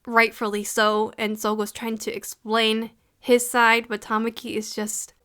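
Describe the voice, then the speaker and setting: A woman's voice: a little high, flat delivery, measured pace, a bit bright, clear, resonant tone. A woman talking through an anime episode in a casual review, earnest and emotional, with many "you know" fillers.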